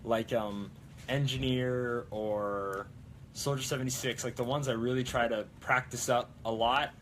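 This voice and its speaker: A man's voice: mid-range voice, steady tone, a little slow, fairly bright tone, a little hiss or hum. A young man hosting a prop-building live stream, chatting casually and rambling with plenty of fillers. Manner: rambling, lots of fillers and restarts.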